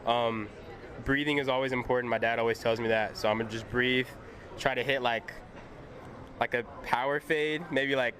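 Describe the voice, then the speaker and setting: A man's voice: medium pitch, fairly even intonation, normal speed, a bit bright. A teenage boy golfer answering interview questions casually and a bit hesitantly, outdoors at a golf course. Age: teens.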